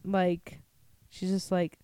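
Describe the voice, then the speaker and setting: Young woman tossing off sarcastic quips on a podcast, smooth clear voice, dry sound. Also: fairly low pitch, monotone, slow, warm tone, no echo. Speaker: podcast co-host. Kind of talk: casual chat.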